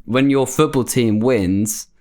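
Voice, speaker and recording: A man's voice: mid-range voice, takes it slowly, warm tone. A man, co-hosting a casual podcast in a chatty, laid-back way. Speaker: podcast co-host. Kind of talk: casual chat.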